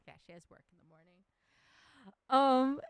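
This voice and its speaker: A woman's voice: sits high, lively intonation, unhurried, clear, resonant tone, no echo. A woman hosting an interview over a video call, friendly and giggly with loose phrasing. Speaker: podcast host. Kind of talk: casual interview.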